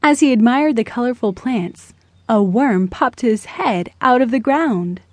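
A woman narrating a children's storybook in a gentle, measured way, close to the mic. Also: on the high side, expressive, no echo. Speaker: audiobook narrator.

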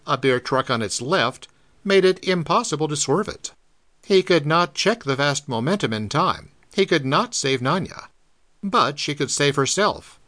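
A man narrating a pulp mystery audiobook in a dramatic, expressive reading. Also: on the high side. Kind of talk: scripted narration of pulp fiction.

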